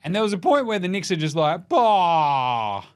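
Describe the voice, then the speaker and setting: A man's voice: high-pitched, expressive, quick pace. A man from Australia hosting a casual sports podcast, rowdy and sweary, cracking jokes and slipping into silly voices. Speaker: podcast host.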